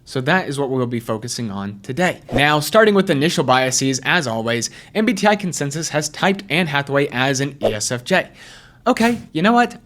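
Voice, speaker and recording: A man's voice: medium pitch, very animated, brisk, a bit bright, slight background noise. A man hosting a casual commentary video, chatty and asking himself rhetorical questions. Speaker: YouTube host, personality typing commentator. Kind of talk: casual commentary over clips.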